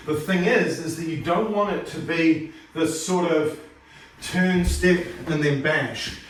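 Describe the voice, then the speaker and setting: A man's voice: on the high side, slight background noise. Man teaching karate in an echoey room. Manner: explains then counts reps aloud in sharp calls. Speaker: karate instructor. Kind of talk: informal martial arts lesson. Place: home training room. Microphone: phone camera across the room. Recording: distant phone mic in an echoey room.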